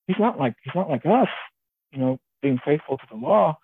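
A man's voice: fairly high pitch, expressive, moderate pace. A man voicing rigid, pompous male religious leaders in a sermon, lecturing and dismissive. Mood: indignant. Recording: tinny phone-like sound, faint hiss.

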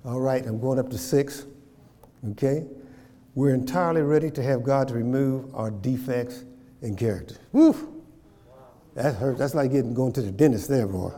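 A man's voice: mid-range voice, normal speed, dark tone, big-room sound. A man preaching a sermon, repeating phrases and checking in with his congregation. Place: church.

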